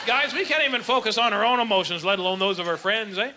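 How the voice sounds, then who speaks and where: Brash, high-voiced comic. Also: male voice, quick pace, slight background noise. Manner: loud, brash, self-mocking delivery with frequent restarts. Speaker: stand-up comedian. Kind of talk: stand-up comedy set. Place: comedy club stage with a live audience. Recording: live club set with loud audience laughter.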